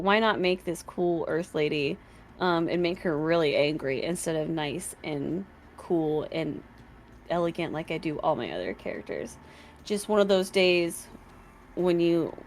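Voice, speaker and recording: A woman's voice: lowish voice, slight background noise. Bubbly rambling woman streamer. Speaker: tabletop game player on a stream. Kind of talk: casual stream chat.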